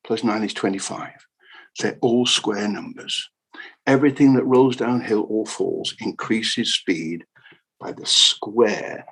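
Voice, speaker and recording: A man giving a humorous keynote lecture on the history of maths, jokey and animated, repeating words for emphasis. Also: lowish voice, gravelly, husky, rough recording. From United Kingdom. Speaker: keynote speaker.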